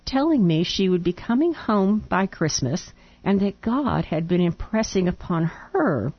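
A woman with a fairly low voice reads a listener's letter aloud on a radio show, in a humorous, laughing way. Her voice is recorded dry and a little dull, with no room sound around it. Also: big pitch swings, unhurried, slightly rough, no room sound. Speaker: radio co-host.

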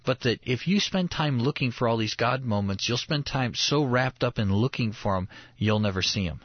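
A man's voice: medium pitch, moderate pace, no room sound, lo-fi sound. A man in casual conversation about faith, telling stories in an earnest way, often restarting his sentences. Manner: earnest, animated storytelling with restarts.

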